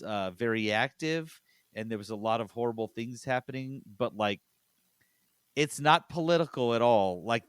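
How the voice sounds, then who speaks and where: A man's voice: mid-range voice, clear, resonant tone, dry recording, studio quality. A man hosting a podcast in casual chat, chatty and laughing as he retells scenes. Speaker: podcast host.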